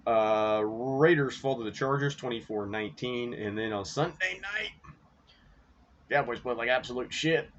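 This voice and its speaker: A man hosting a sports podcast, rambling through game results and his bets in a casual, profane, excitable way. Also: mid-range voice, moderate pace. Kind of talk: casual sports recap and betting talk. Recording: dull lo-fi recording with faint noise.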